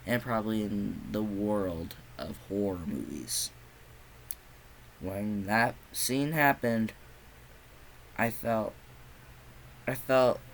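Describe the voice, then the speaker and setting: A man's voice: on the low side, slight background noise, rough recording. A young man giving a casual movie review, ranting with lots of swearing and sarcasm. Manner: profane, exasperated ranting.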